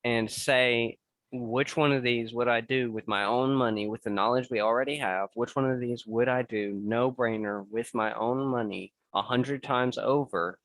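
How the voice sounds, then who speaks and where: Man, casual host, mid pitch, explains plainly, dry sound. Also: fairly even intonation, normal speed, a bit bright, dry recording, poor audio. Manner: explains plainly, checks in with "okay?". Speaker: podcast host reacting to a clip. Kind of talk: casual commentary.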